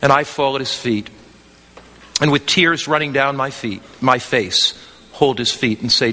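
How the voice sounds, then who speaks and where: A man preaching an evangelistic sermon, swinging from impassioned near-shouts to a hushed, gentle altar call. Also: medium pitch, a little slow, in a large hall.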